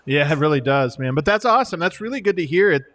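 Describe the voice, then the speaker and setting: A man hosting a casual live sports talk show, chatty and quick to laugh. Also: on the high side, animated, fairly bright tone. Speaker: host.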